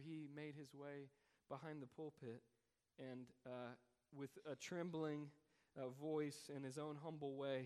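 A man preaching a sermon to a congregation, a pastor telling a story in an earnest, heartfelt way. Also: on the high side. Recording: long reverb of a large hall.

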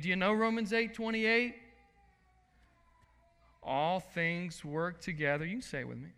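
Bright-voiced preaching man in a reverberant hall. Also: on the high side. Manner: dynamic preaching, drops to soft quiet lines then bursts loud. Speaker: pastor. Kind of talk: sermon. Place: church sanctuary.

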